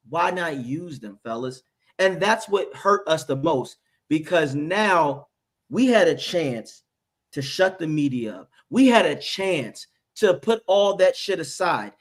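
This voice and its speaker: A man hosting a sports reaction stream, ranting with fired-up, profane energy. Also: sits high. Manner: fired up, profane, ranting, mocks people in put-on voices. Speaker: host. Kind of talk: heated sports reaction chat.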